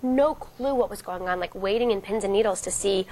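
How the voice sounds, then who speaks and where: An actress being interviewed, telling a story and acting out the lines of the people in it. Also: female voice, medium pitch, fairly even intonation, quick pace, background noise. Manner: acts out quoted dialogue vividly.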